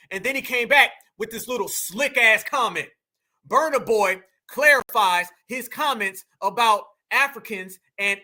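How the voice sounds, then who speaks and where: A man's voice: high voice, pushed and bright. A man from the United States giving a heated, profane commentary monologue full of slang and emphatic repetition. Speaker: commentary channel host.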